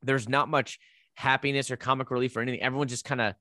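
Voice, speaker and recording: A man casually recapping a horror movie plot as a podcast co-host, telling it with lively asides. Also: mid-range voice, fast talker, no room sound, clean studio sound.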